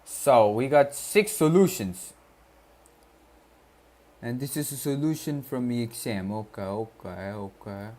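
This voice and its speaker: A man's voice: medium pitch, expressive, darkish tone, slight background noise. A young man from Kerala, India, whose first language is Malayalam, chatting casually on a study livestream and reading chat messages aloud with slang. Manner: slow, laid-back, reads chat aloud with slang.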